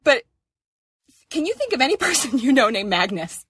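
A woman's voice: sits high, sing-song, moderate pace, fairly bright tone, husky, no room sound, clean studio sound. A woman co-hosting a podcast, giggling and chiming in with jokes in casual chat. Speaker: podcast co-host.

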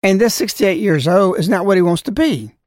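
Forceful preaching man, dry sound. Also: high-pitched, expressive, fairly quick, dry recording. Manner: forceful, scolding, rhetorical questions. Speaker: religious speaker. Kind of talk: preaching talk.

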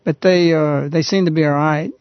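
A man hosting a radio talk show, earnestly retelling a story in a halting, conversational way. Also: fairly high pitch, fairly even intonation, no room sound. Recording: dull, lo-fi radio recording.

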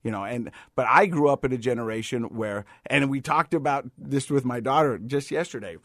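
A man's voice: medium pitch, brisk, no echo, clean studio sound. A middle-aged man co-hosting a podcast in casual chat, telling family stories and often saying "you know". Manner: storytelling, warm-hearted, says "you know" a lot. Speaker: podcast co-host.

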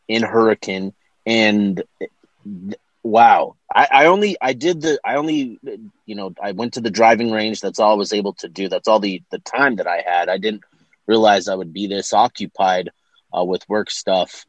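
A man co-hosting a sports podcast, chatting casually and often pausing to search for words. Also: lowish voice, no room sound. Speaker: podcast co-host.

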